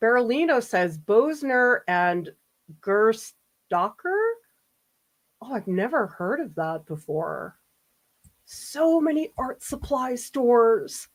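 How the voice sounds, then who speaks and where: A woman's voice: a little high, very animated, takes it slowly. A woman art professor from the US East Coast, chatting casually with viewers during a livestream painting demo and often laughing as she reads their comments aloud.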